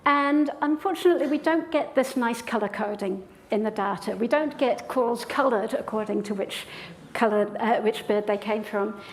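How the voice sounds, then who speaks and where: A woman's voice: a little high, moderate pace, few pauses. A woman professor giving a public lecture in a hall with an audience, explaining ideas step by step in an enthusiastic way.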